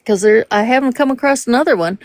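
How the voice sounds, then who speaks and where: A woman in her fifties with a Minnesota accent, chatting casually on a live stream and filling pauses with um and uh. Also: fairly high pitch, dry recording. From Minnesota, USA. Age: 50s. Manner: conversational, laughs easily, trails off with fillers. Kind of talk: casual chat.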